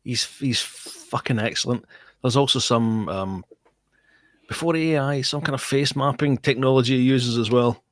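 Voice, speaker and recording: Relaxed sweary male guest. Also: mid-range voice, normal speed, no room sound. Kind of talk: casual chat.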